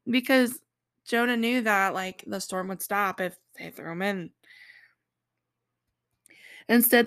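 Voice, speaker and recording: A woman's voice: mid-range voice, dry recording. A woman reading a Bible story aloud, stopping often for chatty, informal commentary full of "like" and "um". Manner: chatty asides, fillers like "like" and "um". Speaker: Bible teacher.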